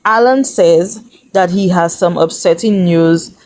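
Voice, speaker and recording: A woman's voice: on the low side, takes it slowly, darkish tone. A woman hosting a reality TV recap, talking to viewers in a sassy, chatty way. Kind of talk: casual recap commentary.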